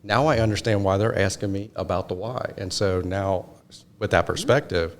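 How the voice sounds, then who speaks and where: A man speaking as a podcast guest, measured and reflective. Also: low voice. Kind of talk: casual conversation.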